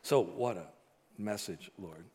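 A male pastor preaching a sermon, rising to loud emphatic declarations and dropping to soft, earnest appeals. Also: fairly low pitch, slow pace, breathy edge. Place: church sanctuary. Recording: long hall reverb.

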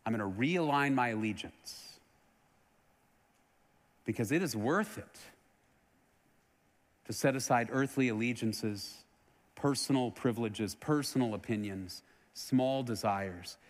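Texas-raised pastor preaching in a reverberant hall. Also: male voice. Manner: earnest preaching that swells loud then drops low and soft. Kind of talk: sermon. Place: church sanctuary.

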